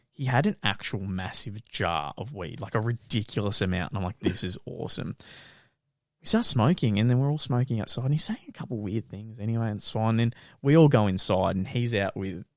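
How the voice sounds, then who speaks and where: A man's voice: fairly low pitch, dry recording, studio quality. A young man telling a story on a podcast, acting out voices and laughing often. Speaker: podcast co-host. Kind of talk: casual storytelling chat.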